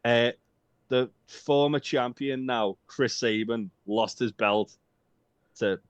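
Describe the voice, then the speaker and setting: A man's voice: medium pitch, slow pace, smooth, no echo. A man co-hosting a casual podcast, rambling and joking with lots of swearing and filler ums. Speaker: podcast co-host. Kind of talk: casual chat. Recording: dull dry lo-fi sound.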